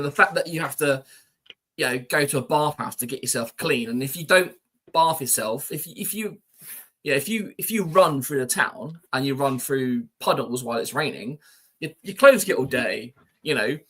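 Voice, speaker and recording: Male podcast co-host, bright tone, casual and meandering. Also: mid-range voice. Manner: rambling, peppered with "you know".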